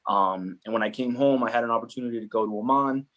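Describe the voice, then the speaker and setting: A young man, a footballer, talking as a podcast guest in a relaxed, animated way, full of fillers, acting out the voices of people in his stories. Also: mid-range voice, fast talker, highs cut off. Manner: animated, many filler "like"s, acts out quoted voices. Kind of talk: casual storytelling chat.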